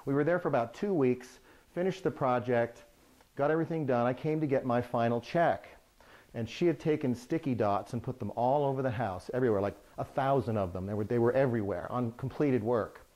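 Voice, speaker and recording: Middle-aged contractor guy telling a funny job story, mid-pitched voice, lively. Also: brisk. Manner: lively, humorous anecdote-telling. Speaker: remodeling contractor. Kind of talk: storytelling to camera.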